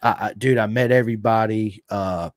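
An excitable man from Virginia with an American accent, telling animated stories in a casual interview. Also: fairly low pitch, moderate pace, no echo, clean studio sound. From Roanoke, Virginia, USA.

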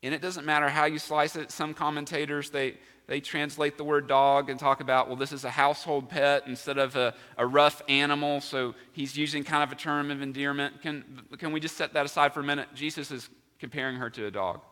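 A man's voice: a little high, flat delivery, brisk, few pauses, pushed and bright, big-room sound. A male pastor preaching a sermon in a church, emphatic and asking his congregation questions. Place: church sanctuary.

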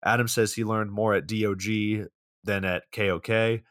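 A young man with a low-pitched voice recaps a film's plot in a loose podcast chat. He rambles through it with plenty of fillers and little polish. The sound is dry and close, with no room echo. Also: steady tone, moderate pace, a bit bright. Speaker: podcast co-host. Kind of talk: casual movie recap.

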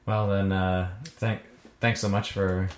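A man's voice: low voice, little pitch movement, takes it slowly. A man hosting a podcast, chatting casually and joking as he wraps up the episode. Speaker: podcast host. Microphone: podcast microphone. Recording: echoey room.

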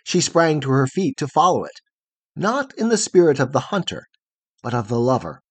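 A man reading a fairy tale aloud in an expressive, melodic storytelling manner. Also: mid-range voice, moderate pace, breathy edge, no echo. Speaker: audiobook reader.

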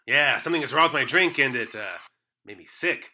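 A man acting as a frantic, melodramatic police officer in a comedy sketch, stammering and yelling in panic. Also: mid-range voice, animated, a little fast, rough recording.

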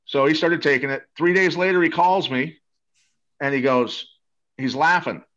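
A man's voice: fairly high pitch, moderate pace, a bit bright. Man, interview guest, eager salesy rambling, restarts a lot, dull lo-fi recording. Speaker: guest promoting a supplement. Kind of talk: casual interview talk.

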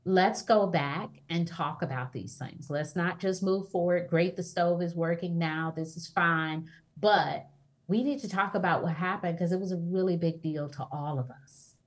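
Woman guest on an interview, lowish voice, calm and reflective, giving gentle advice. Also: moderate pace. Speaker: author and guest.

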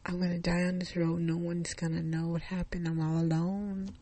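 A terrified young woman driver, put on by a male storyteller pleads and prays over and over. The voice is gravelly and a little husky, only slightly higher than usual. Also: flat delivery, moderate pace, mellow. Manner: pleading, repeats herself.

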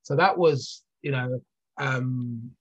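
A man's voice: mid-range voice, slow, slightly rough. A middle-aged man, a former athlete, telling his story candidly and earnestly as an interview guest, with many fillers and restarts. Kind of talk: reflective storytelling in conversation. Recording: dull lo-fi recording.

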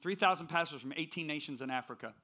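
A man's voice: on the high side, quick pace, bright, forceful tone. A man preaching as a guest speaker in a church, telling stories with strong emphasis. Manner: storytelling, emphatic. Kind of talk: sermon with personal stories.

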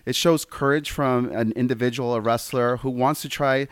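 A man's voice: mid-range voice, steady tone, normal speed, no room sound. Supportive male interviewer. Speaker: interviewer host. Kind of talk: casual interview.

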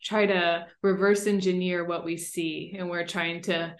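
Lower-voiced woman hosting a podcast. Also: flat delivery, measured pace. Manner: reflective, sums up the guest's points. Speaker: podcast host. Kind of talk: conversational interview.

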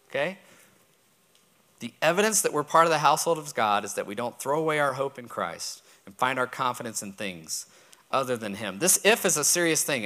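A man's voice: mid-range voice, sharp tone. A man from Texas with a Texan accent, preaching and teaching, who repeats key points and checks that listeners follow. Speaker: pastor. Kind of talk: sermon teaching.

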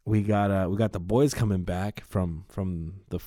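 A man hosting a podcast, telling a story in a rambling, profane, animated way. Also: deep voice, normal speed, dry recording, studio quality. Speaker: podcast host.

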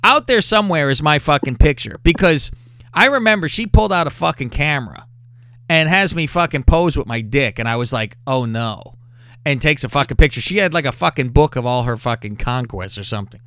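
A man's voice: on the high side, a little fast, no room sound, studio quality. A man hosting a podcast, telling crude stories with constant swearing. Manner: profane, animated and full of swearing. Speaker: podcast host. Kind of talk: crude storytelling.

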